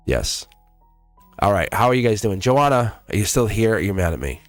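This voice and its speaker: A man's voice: fairly low pitch, expressive, brisk, no echo, soft background music. A man giving a live-streamed tarot reading in an earnest way, repeating himself and laughing often. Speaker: tarot reader.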